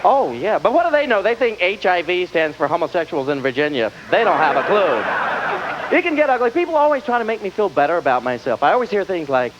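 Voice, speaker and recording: A man's voice: high-pitched, very animated, fast. A man from the Southern US with a Southern accent, doing stand-up comedy on a music hall stage with a wry, punchy delivery and acted asides. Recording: dull VHS tape with audience noise. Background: live audience laughter.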